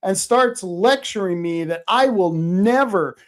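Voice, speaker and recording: A man's voice: high voice, lively intonation, a little slow. A man hosting a talk show who tells his stories bluntly and with animation. He talks casually and with conviction. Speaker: host, independent journalist. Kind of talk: casual storytelling chat.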